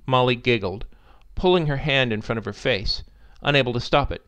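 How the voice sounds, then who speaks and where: A man narrating a story in an expressive, animated reading style. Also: mid-range voice, a little fast, clear, resonant tone, dull audio.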